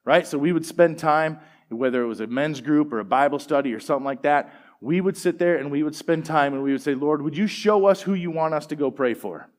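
A middle-aged man preaching a sermon and telling personal stories in a relaxed, conversational way, with plenty of fillers. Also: a little high, a little fast, few pauses. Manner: conversational, animated storytelling with fillers. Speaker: pastor. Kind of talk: sermon storytelling.

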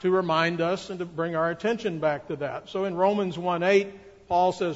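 A man preaches a sermon with an earnest, measured delivery, his voice pitched a little high. His words ring out with a long reverb, as in a large sanctuary. The recording itself sounds somewhat dull and muffled. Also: fairly even intonation. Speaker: pastor.

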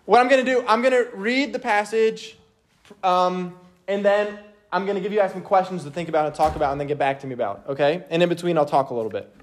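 Young man, youth Bible teacher, casual, energetic, keeps checking in with listeners. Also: high voice, fast. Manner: energetic, checks in with "okay?" constantly.

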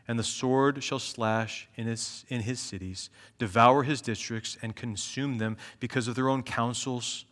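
Male pastor, mid-pitched, earnest sermon delivery with emphatic swells and low, slow drops; long church-hall reverb. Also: steady tone, a bit bright. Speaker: preacher. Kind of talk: expository sermon.

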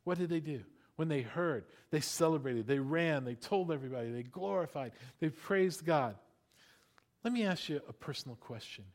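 A middle-aged male pastor preaching a sermon, animated, with playful asides and rhetorical questions to the congregation. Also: a little high, moderate pace.

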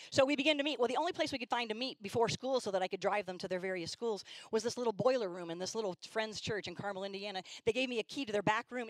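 A woman's voice: mid-range voice, no echo, low-quality recording. A middle-aged woman telling stories in a sermon at church, often acting out the voices of young girls. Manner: animated storyteller, acts out girls' voices. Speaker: church speaker. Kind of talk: sermon storytelling.

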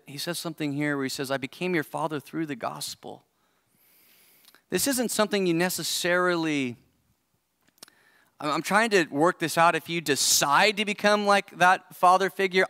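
A man's voice: a little high, normal speed, sharp tone, no room sound, clean studio sound. A man in his forties preaching a sermon as pastor, earnest and conversational, thinking aloud as he goes. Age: 40s. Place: church service.

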